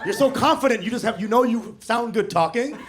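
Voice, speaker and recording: A man's voice: very high-pitched, a little fast, very noisy. A man from Texas doing a brash stand-up comedy set, bantering with the crowd. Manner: brash, crowd-work banter, puts on voices for quotes. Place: comedy club stage with audience. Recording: loud audience laughter behind.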